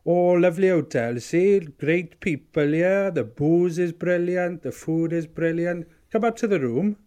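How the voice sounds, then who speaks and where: A man's voice: high voice, a little slow, warm tone, pitched above the performer's own voice. A man doing an impression of his cheerful older dad, a smoker, in a chirpy sing-song voice. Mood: delighted.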